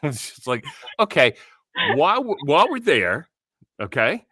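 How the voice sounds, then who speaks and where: A man's voice: on the high side, huge pitch swings, measured pace, sharp tone, breathy edge, dry recording, studio quality. A man hosting a podcast, asking questions in an easygoing way and laughing along. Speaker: podcast host. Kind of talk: casual interview chat.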